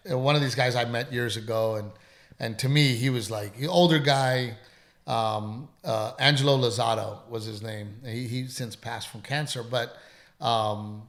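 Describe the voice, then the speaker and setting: A man with a gravelly, creaky voice tells a story in a casual podcast chat. His delivery is emphatic, and he swears freely. He sounds congested, as if he is recovering from being sick. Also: medium pitch, a little slow, a bit bright. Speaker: comedian.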